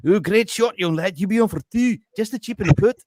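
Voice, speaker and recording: A man's voice: sits high, quick pace, a little mellow, voice pushed up. A man putting on the voice of a jolly old male golfer with a Scottish accent, kilt and all. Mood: cheery.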